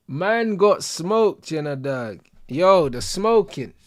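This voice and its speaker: Casting: young guy, higher voice, excitable slang-filled chatter, dry close mic. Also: no echo. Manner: animated slang-heavy banter, laughing. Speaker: host of a football watch-along stream. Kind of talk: casual stream chat.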